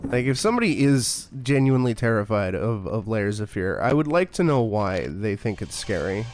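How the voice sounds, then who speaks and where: A man's voice: on the low side, sing-song, normal speed, a little mellow, slight background noise. A man streaming a horror game, talking in a casual, profane, sarcastic way and playing up being scared. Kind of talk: casual gameplay commentary.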